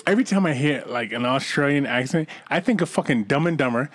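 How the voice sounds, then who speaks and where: A man co-hosting a casual podcast, swearing freely and telling animated stories. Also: medium pitch, fast talker, dry recording. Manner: profane, animated storytelling. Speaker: podcast co-host.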